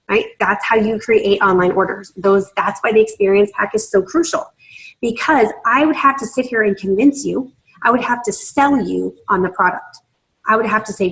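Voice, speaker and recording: A woman's voice: mid-range voice, moderate pace, poor audio. A woman runs a sales training in a persuasive, chatty manner. She often checks in with her audience as she explains things step by step. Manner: persuasive, conversational, checks in with "right?" and "you understand?". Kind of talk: training talk to a group.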